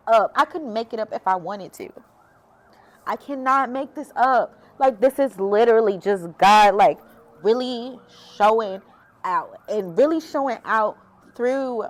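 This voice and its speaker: A woman's voice: on the high side, animated, takes it slowly. Emotional woman giving testimony. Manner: emotional, preachy, addresses viewers as y'all. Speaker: faith vlogger. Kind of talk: personal testimony talk.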